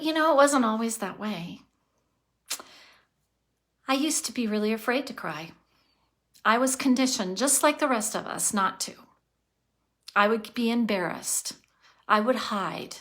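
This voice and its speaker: A woman speaks straight to her viewers in a relaxed vlog, slow and thoughtful. Her voice sits a little high and rings bright. She comes across as earnest and passionate, pausing to sigh as she thinks aloud. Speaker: vlogger. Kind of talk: casual vlog monologue.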